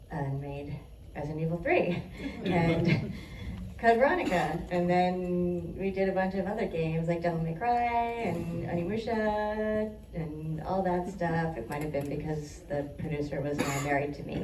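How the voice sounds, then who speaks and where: A woman with a fairly low voice chats wryly about her career, slipping in jokes at her own expense. She is heard from a distance in an echoey hall. Faint noise runs behind her. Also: steady tone, unhurried, a little mellow. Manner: chatty and wry, joking at her own expense. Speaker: voice actor panelist. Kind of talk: casual panel chat. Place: convention panel hall. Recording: echoey hall recorded from far off.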